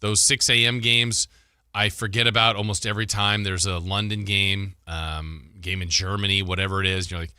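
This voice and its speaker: Bright, dry-voiced sports radio host. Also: male voice, deep voice, fairly even intonation, normal speed, clear, resonant tone, no echo. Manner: conversational, thinks aloud with fillers and restarts. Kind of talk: sports talk radio commentary.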